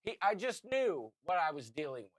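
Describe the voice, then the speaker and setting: Animated fifty-something man telling a story. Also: high voice, moderate pace, no echo, clean studio sound. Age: 50s. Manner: animated storyteller, shouts acted quotes. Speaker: podcast co-host. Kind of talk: casual storytelling chat.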